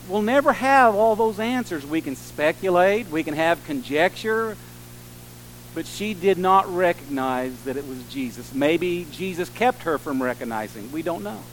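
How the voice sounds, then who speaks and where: A man delivers a sermon in an earnest, unhurried way. His voice sits fairly high, and his emphasis swells and falls back to soft, quiet passages. A faint hum and hiss run under the recording. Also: poor audio. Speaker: pastor.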